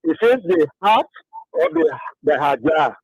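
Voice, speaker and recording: A man's voice: on the high side, big pitch swings, a little slow, a little mellow, husky, dry recording. A man with a Liberian accent, a pastor calling in to a radio talk show, who talks hesitantly and fills gaps with uh. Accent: Liberian English. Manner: hesitant, full of fillers. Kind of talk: call-in radio opinion. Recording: tinny phone line.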